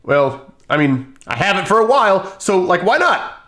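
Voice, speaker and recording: A man's voice: sits high, sing-song, moderate pace, fairly bright tone. A man acting as game master in a tabletop role-playing game, voicing characters and chatting with players.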